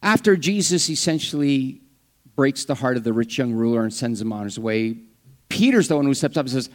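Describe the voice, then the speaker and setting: Speaking fairly quick in an expressive, gravelly voice, this pastor gives a conversational sermon full of funny asides. He performs the lines he quotes, abruptly raising and lowering his pitch and volume.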